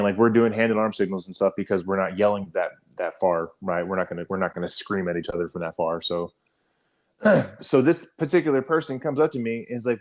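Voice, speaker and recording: Low-voiced man telling a war story. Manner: profane, animated storytelling, frequent fillers. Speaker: podcast co-host, army veteran. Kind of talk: casual storytelling conversation.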